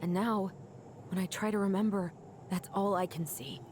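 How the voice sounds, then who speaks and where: A woman's voice: medium pitch, moderate pace, a little mellow, a little hiss or hum, lightly acted. An actress voicing a troubled young woman in a video game, speaking hesitantly and uneasily. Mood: uneasy. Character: troubled young woman doubting her memories.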